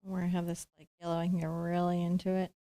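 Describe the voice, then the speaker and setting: A woman's voice: fairly low pitch, monotone, quick pace, dark tone. A middle-aged woman giving a live acrylic painting lesson, chatting playfully while she paints. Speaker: painting instructor.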